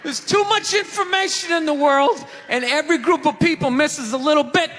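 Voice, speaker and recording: A man's voice: very high-pitched, moderate pace, over music. A man doing a stand-up comedy set on a theater stage, ranting in a profane, exasperated way. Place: theater stage before a live audience. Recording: live theater recording with crowd noise and reverb.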